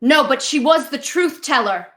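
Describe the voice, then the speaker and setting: A determined young heroine stands her ground against her own sister, her voice lifted well above a normal pitch. A woman plays her in a tabletop game. She speaks slowly, pleading and defiant at once. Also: reverberant.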